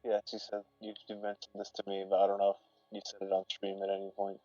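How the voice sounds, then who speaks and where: A man's voice: on the low side, monotone, quick pace, dark tone, dry recording. A man chatting and teasing in a laid-back way as co-host on a stream, laughing often. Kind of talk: casual chat. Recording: dull lo-fi mic. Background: faint background music.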